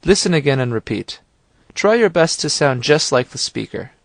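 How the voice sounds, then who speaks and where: A man narrating a language course from a script, giving calm, clear instructions and prompting the listener to repeat. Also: on the high side, moderate pace, no room sound.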